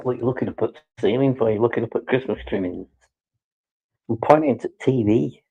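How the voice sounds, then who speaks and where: A man with a gravelly, husky voice rambles through casual live-stream chat, swearing freely and teasing as he goes. The sound is dull and lo-fi. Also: medium pitch, brisk.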